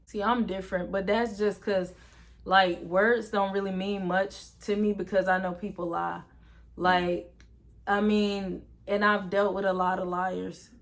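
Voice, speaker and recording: A woman's voice: mid-range voice, level tone, measured pace. A woman speaking candidly and emphatically in a casual, heartfelt conversation as a podcast co-host.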